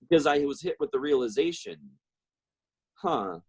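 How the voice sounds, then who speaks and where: A man's voice: fairly low pitch, a little fast, darkish tone. A middle-aged man telling a personal story in a rambling way, with many fillers and restarts. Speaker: guest speaker.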